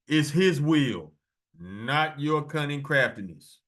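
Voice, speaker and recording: A man's voice: mid-range voice, animated, a bit bright. Blunt man reading scripture aloud. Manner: blunt and profane, slow deliberate verse reading. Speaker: preacher.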